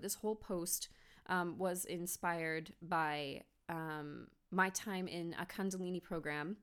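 A woman hosting a solo motivational podcast from her home office, speaking earnestly and encouragingly, with many rhetorical questions. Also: lowish voice. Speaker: podcast host.

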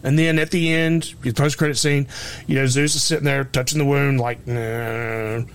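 A man's voice: on the high side, little pitch movement, brisk, clean tone. A man co-hosting a podcast, rambling sarcastically about a movie with a lot of restarts and some swearing. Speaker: podcast co-host. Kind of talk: casual movie review chat.

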